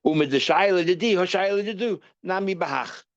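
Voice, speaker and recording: A man teaching a Talmud lesson, reasoning aloud in a lively way and repeating terms as he works through the logic. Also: high voice, fairly quick, no room sound, dull audio.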